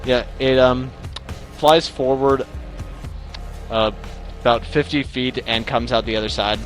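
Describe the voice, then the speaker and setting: A man narrating a tabletop game as game master in a relaxed, deadpan way, with faint music behind. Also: medium pitch, unhurried.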